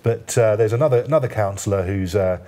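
Low-pitched hesitant male journalist. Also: fast, warm tone. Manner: hesitant, many fillers and restarts, lightly joking. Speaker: journalist guest. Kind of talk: studio discussion.

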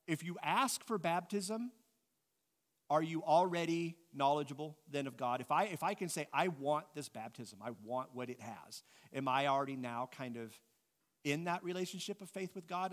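A middle-aged man, teaching an adult class in a lively, casual way, thinking out loud and asking the group questions. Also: fairly high pitch, normal speed.

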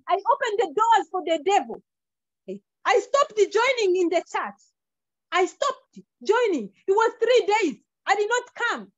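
A woman's voice: very high-pitched, dry recording. A woman giving an earnest sermon testimony, repeating herself often, over a video call. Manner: earnest, repetitive, non-native phrasing. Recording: dull lo-fi online call audio.

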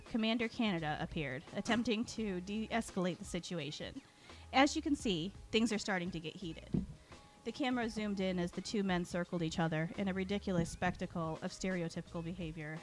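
A woman reading a story aloud as its storyteller, giving the characters lively voices and often clearing her throat. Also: mid-range voice.

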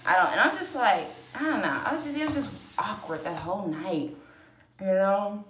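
A woman's voice: mid-range voice, animated, moderate pace, fairly bright tone, a little hiss or hum. A woman vlogger telling a personal story in a casual, rambling, emotional way, acting out the voices she quotes. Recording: echoey room.

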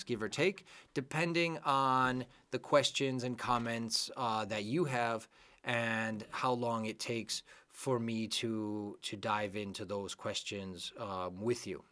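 A man teaching an online lesson, patiently repeating words slowly for pronunciation practice. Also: mid-range voice, a bit bright. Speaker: English teacher.

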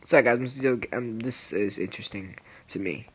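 A man's voice: moderate pace, fairly bright tone, breathy edge. A teenage boy whose voice is breaking, rambling goofily through casual gameplay commentary. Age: teens. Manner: goofy, rambling, jumps into squeaky silly voices. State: voice breaking with adolescence. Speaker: gaming video creator.

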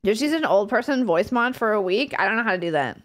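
A woman's voice: medium pitch, lively intonation, fast. A woman in her thirties chatting casually with her stream, giggling often and swearing freely. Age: 30s. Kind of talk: casual live-stream chat.

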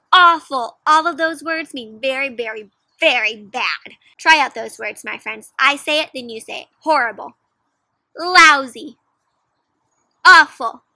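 A young woman reads a picture book aloud to kids with a high, bright voice. She is animated, gasps at the surprises, and keeps asking her listeners questions. The recording is dry, with no room echo. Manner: animated, gasping, asks children questions. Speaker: children's storyteller. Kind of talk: interactive read-aloud for kids.

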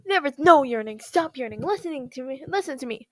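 A woman's voice: high-pitched, expressive, fairly quick, dry recording. Woman reading as a bossy young bee guy. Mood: scolding. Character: scolding young male bee friend.

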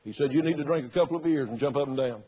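A male pastor delivers a sermon in a rapid-fire, slightly rough mid-range voice. He tells stories and loudly acts out the voices of the people he quotes, captured on a dull lo-fi recording.

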